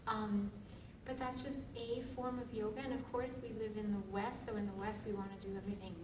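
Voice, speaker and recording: A woman's voice: medium pitch, steady tone, brisk. A woman leading a laughter yoga class, playful, laughing often and chanting gibberish sounds. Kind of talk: live group demonstration. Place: large room with an audience. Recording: echoey room from far off, noisy.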